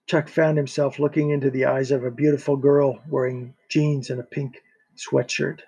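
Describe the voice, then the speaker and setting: A man narrating a thriller audiobook in a steady reading voice, with a few small restarts. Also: medium pitch, moderate pace, slightly rough.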